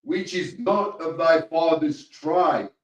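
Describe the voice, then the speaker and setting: A man reciting scripture in a slow, measured way, assisting a preacher. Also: on the high side, lo-fi sound. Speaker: scripture reader. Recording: distant, echoey room.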